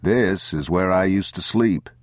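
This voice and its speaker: A man voicing a weary, grieving father who speaks to his son in a hushed, soothing way. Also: deep voice, a little slow, dry recording, studio quality. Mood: wistful. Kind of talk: audiobook character voice.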